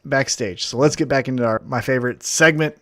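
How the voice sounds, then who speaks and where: A man's voice: medium pitch, a little fast, a bit bright, no room sound, studio quality. A man co-hosting a podcast in casual chat, enthusiastically recapping events. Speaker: podcast co-host.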